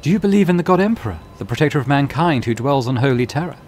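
A man's voice: mid-range voice, expressive, fast talker, darkish tone, slight background noise, voice pushed up, close to an everyday voice. Man reading as a zealous starship captain. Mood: forceful.

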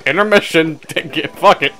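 A man's voice: a little high, bright, forceful tone, soft background music. A man casually commenting on his gameplay, crude and joking. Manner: joking, crude, quick to laugh. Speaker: let's play host.

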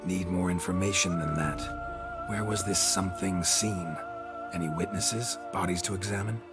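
A man voicing gruff Geralt, deep and terse. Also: normal speed, lightly acted. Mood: dry. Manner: terse, dry. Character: gruff terse male monster hunter. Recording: game audio with music underneath.

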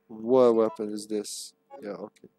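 A man's voice: fairly low pitch, gravelly, darkish tone, slight background noise. A man streaming a live game, commenting casually with joking, sarcastic remarks and chatting with his viewers.

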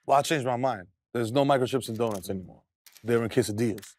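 A man in a comedy sketch playing a smug, conspiracy-minded male basketball star who mockingly lowers his voice to sound smart. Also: quick pace, a little mellow, natural voice. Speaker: comedy show host.

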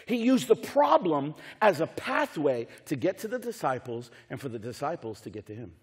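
A man preaching a sermon as pastor, animated and jokey, often repeating his words. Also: on the high side, normal speed, slightly rough, in a large hall. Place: church sanctuary.

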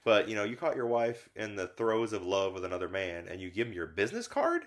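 Low-voiced man chatting about films. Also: very animated, a little fast. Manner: rambling, many fillers, acts out lines from scenes. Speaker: film review podcast co-host. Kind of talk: casual conversational film discussion.

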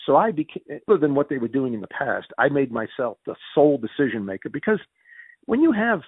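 A man with a Northern US accent, telling business stories as an interview guest, acting out the dialogue he recalls with quick restarts. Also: mid-range voice, slightly rough, no echo, narrow, tinny audio. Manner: lively storyteller who acts out quoted dialogue with restarts. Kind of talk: animated business storytelling.

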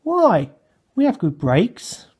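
A man voicing a calm, modest old mountain engine in a storybook, with a slow, husky voice. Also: high-pitched, pitched above the performer's own voice, full character voice. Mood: friendly.

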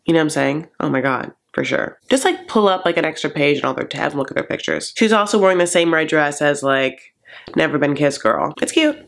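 A man's voice: on the high side, lively intonation, brisk, gravelly, a bit bright. A man hosting a comedic TV recap, campy and gossipy with sassy asides.

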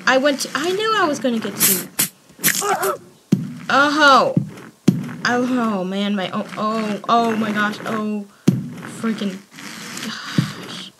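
A woman hosting a casual let's play, talking to herself with frequent excited exclamations. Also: on the high side, slow, pauses often, heavy background noise. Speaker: gaming channel host.

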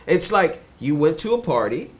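A young man casually telling a story in an animated way, swearing freely and repeating "you know what I'm saying". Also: a little high, moderate pace.

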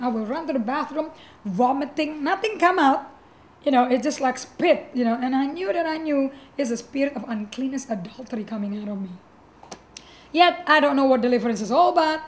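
Woman, high-pitched, middle-aged, pastor, Indonesian first language, emotional testimony, lots of fillers. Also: a little mellow, slight background noise. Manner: emotional, repeats herself, many "you know" and "like" fillers. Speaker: pastor giving her testimony. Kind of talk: personal testimony, earnest storytelling.

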